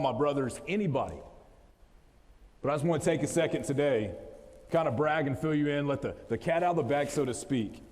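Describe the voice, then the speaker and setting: A man's voice: medium pitch, a little mellow. Folksy West Texas man, echoing hall. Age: 30s. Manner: joking, folksy, talks straight to the crowd. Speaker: motivational speaker. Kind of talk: motivational talk to an audience. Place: event hall, live audience. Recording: long hall reverb.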